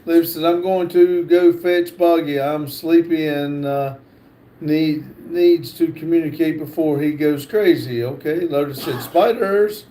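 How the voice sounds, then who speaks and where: A man hosting a livestream, reading chat comments aloud in a halting way with fillers and restarts. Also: on the high side, steady tone, dark tone. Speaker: livestream host.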